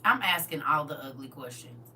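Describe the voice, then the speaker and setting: A woman's voice: deep voice, lively intonation, moderate pace, pushed and bright, a little hiss or hum. A middle-aged woman on a podcast, blunt, sassy and emphatic, giving frank relationship opinions in casual chat.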